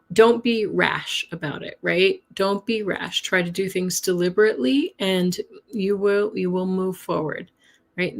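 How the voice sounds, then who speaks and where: A woman's voice: medium pitch, creaky. A woman hosting a live-streamed weekly tarot reading from home, chatting casually, laughing often and greeting viewers by name. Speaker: tarot reader. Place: home with a cat nearby.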